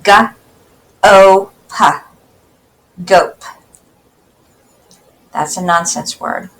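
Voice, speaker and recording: Woman, teacher, phonics lesson for children, slow deliberate pace, sounds out each part. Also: mid-range voice, a bit bright, low-quality recording. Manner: slow, carefully enunciated, sounding out word parts.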